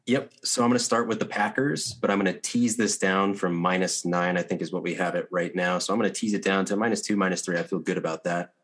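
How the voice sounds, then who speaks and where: A man co-hosting a casual sports betting chat, confident and talking in quick bursts. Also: low voice, fairly even intonation, fairly bright tone, a little hiss or hum. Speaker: podcast co-host.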